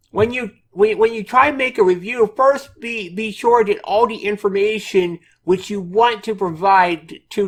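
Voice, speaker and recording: Squeaky, defensive male developer, put on by a man, stuttering repeats and clumsy grammar. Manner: high mocking squeaky voice, stammering repetitions. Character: defensive male game developer, indignant, broken English.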